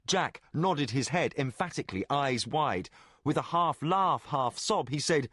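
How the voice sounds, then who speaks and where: A man narrating a fantasy audiobook in deliberate, expressive storytelling. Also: medium pitch, dry recording, studio quality. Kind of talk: scripted narration.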